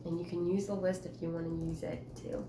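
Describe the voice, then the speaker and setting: A woman's voice: on the low side, flat delivery, fairly quick, noisy background. Encouraging woman teacher in a roomy space. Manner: encouraging, patient, coaxing questions. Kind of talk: one-on-one writing conference with a student. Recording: roomy echo.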